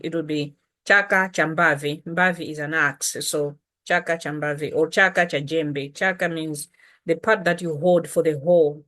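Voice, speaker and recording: Slow, patient woman teaching. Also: low voice, fairly bright tone. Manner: patient, explains slowly with repetition. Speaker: language teacher. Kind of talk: language lesson.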